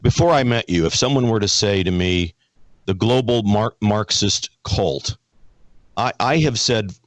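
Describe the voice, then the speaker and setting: Talk host, American man, low voice, dry close sound, stumbles and repeats words. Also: measured pace, dry recording. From United States. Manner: folksy, repeats words, many restarts. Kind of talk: conservative talk show hosting and ad reads.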